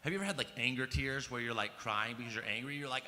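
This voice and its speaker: A man's voice: mid-range voice, fast talker, bright, forceful tone. A man in his thirties from the United States gives a personal storytelling talk at a conference. He speaks casually, swears, and leans on "like" and "um" as he grows emphatic. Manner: casual and profane, heavy use of "like" and "um". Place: large conference hall. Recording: long hall reverb with faint ambience.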